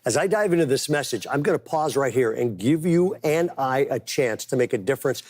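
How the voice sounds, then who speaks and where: A man's voice: mid-range voice, animated, fairly quick, darkish tone. A man preaching a conversational sermon as pastor, telling stories with casual, emphatic asides.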